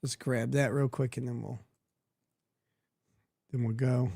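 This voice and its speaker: A man's voice: mid-range voice, level tone, unhurried, gravelly, mellow, slightly rough. A man hosting a livestream, reading viewer messages and answering them with crude, sardonic jokes and frequent laughter. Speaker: livestream host. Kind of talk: casual livestream commentary.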